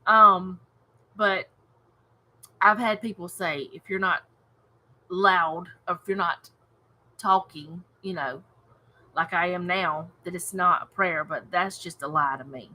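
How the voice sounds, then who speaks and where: A woman leading a casual home Bible study, reading scripture and reflecting earnestly with soft laughs. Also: fairly low pitch, slow pace, pauses often, rough recording.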